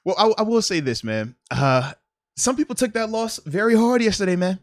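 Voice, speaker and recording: A man's voice: sits high, expressive, moderate pace, dry recording, studio quality. A man in his thirties hosting a podcast, telling a family story in casual chat, often laughing. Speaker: podcast host, former player.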